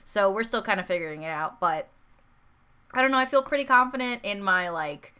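A woman's voice: mid-range voice, lively intonation, fairly quick, pushed and bright, clean tone. A young woman co-hosting a casual chat, rambling with fillers and restarts, her voice still slightly congested after an illness. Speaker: podcast co-host.

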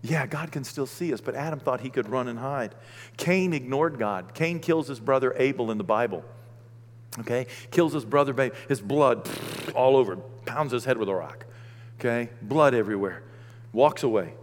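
A man preaching a sermon, animated, swinging between loud outbursts and hushed, gentle talk. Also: medium pitch, moderate pace, in a large hall.

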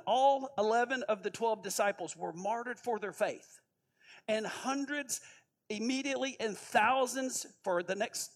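A man preaches to a group. He talks casually and tells a long story, breaks off to ask his listeners questions, and keeps a relaxed storyteller's tone. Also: high voice. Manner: storytelling, conversational, asks the audience questions. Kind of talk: sermon.

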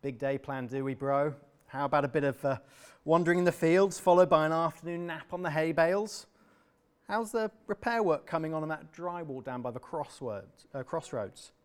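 A man acting out a cocky young older brother who mocks his sibling with sarcasm, high and loud. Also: moderate pace, clear, resonant tone, lightly acted. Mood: mocking. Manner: sneering, sarcastic taunting.

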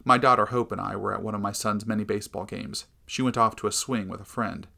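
A man giving a measured, earnest scripted narration of a Christian devotional book. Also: lowish voice, fairly even intonation, creaky, pushed and bright.

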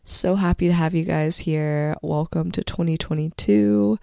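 A young woman hosting her own podcast while ill, her voice worn down by sickness, talking slowly and gently with lots of fillers. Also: on the low side, vocal fry, no room sound, clean studio sound. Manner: slow, gentle, reflective, with many fillers. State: sick, voice worn from illness. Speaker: podcast host. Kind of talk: casual solo podcast talk.

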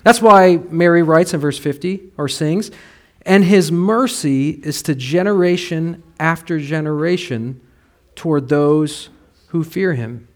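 Conversational man preaching a sermon. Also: sits high. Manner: conversational preaching with personal stories, swings from soft to emphatic. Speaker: pastor.

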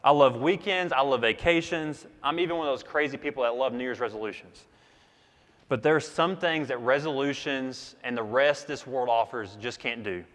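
Man, pastor, sermon, earnest and emphatic, repeats phrases, mid pitch, big reverberant hall. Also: moderate pace, a bit bright.

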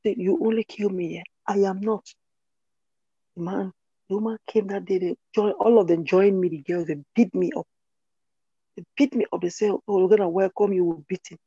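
A woman's voice: mid-range voice, fairly even intonation, moderate pace, warm tone, breathy edge, dry recording. A woman from Cameroon, giving an earnest personal testimony in an interview and repeating phrases for emphasis. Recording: dull, dry lo-fi recording.

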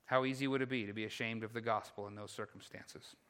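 A man preaching a sermon as pastor, moving between loud, driving passages and hushed, slow ones. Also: lowish voice, steady tone, clear, resonant tone.

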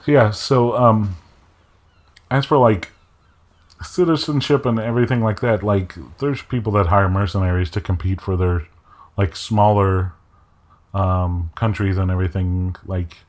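Man with a very low voice running a game. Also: a little slow. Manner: relaxed, hesitant with many fillers. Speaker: game master. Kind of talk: narrating a tabletop game.

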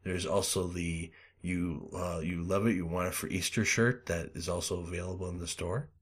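A man hosting a loose podcast chat in a lowish voice. He rambles through stories with lots of fillers and swears, and bursts into loud, acted-out quotes. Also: steady tone, moderate pace. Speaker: podcast host.

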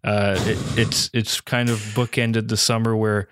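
A man co-hosting a podcast from afar, making wry, deadpan jokes in casual chat. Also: on the low side, a little slow, no room sound. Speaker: podcast co-host calling in remotely.

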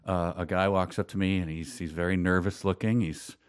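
A man's voice: deep voice, steady tone, a little fast, smooth, dry recording, studio quality. A man in his fifties from Minnesota telling a long, rambling story in casual chat, laughing often at himself. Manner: rambling, self-amused storytelling with frequent laughs. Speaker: storyteller guest.

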